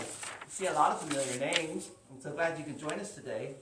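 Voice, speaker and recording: A man leading a live online story time for children, reading aloud and then greeting each child by name in an animated way. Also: fairly high pitch, fairly quick, roomy sound, recorded from a distance, slight background noise, rough recording. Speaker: children's librarian. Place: library room.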